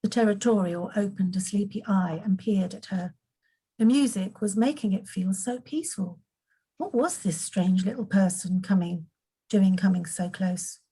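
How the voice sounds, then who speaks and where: A woman reading her own fantasy story aloud in an unhurried way, now and then correcting a slip. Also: medium pitch, mellow, breathy edge, low-quality recording. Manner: unhurried, occasional slips and self-corrections.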